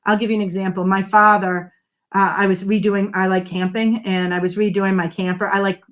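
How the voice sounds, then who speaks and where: A middle-aged woman speaks as an interview guest, her voice sitting at an ordinary pitch for a woman. She explains ideas with lively emphasis and tells stories with plenty of energy. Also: brisk. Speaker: guest, body language expert. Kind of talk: conversational interview.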